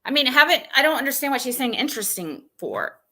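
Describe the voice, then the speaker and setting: A woman's voice: high voice, sing-song, fast, pushed and bright. A woman streamer venting and rambling as she retells an argument, with many restarts.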